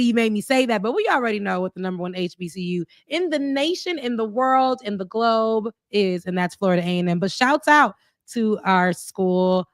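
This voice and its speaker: A woman's voice: mid-range voice, dry recording, studio quality. A young woman co-hosting a casual podcast, chatting animatedly and reading out viewer comments. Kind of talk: casual chat.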